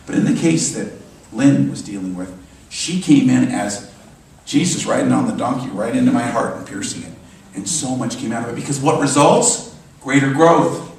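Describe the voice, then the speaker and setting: A man's voice: medium pitch, moderate pace, gravelly. Man preaching in an echoey church. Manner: animated, emphatic preaching with repetitions. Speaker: minister. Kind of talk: sermon. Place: church sanctuary. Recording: echoey church hall from far off.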